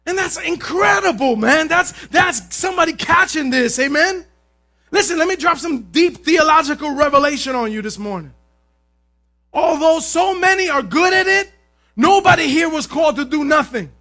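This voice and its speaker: A man pastor preaching a sermon to his congregation with high energy, often raising his voice to a shout and asking for an "amen.". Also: lively intonation, normal speed.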